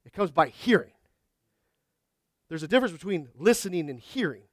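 Man, middle-aged, preacher, sermon, high voice, conversational with jokes and asides, dry close sound. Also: sing-song, normal speed, dry recording.

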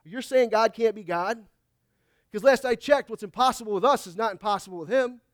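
A man's voice: high voice, a little fast, dry recording, clean studio sound. A man, a pastor, preaching a conversational sermon at a church service, reading scripture aloud and often asking the congregation "Amen?". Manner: reads scripture aloud in old biblical wording.

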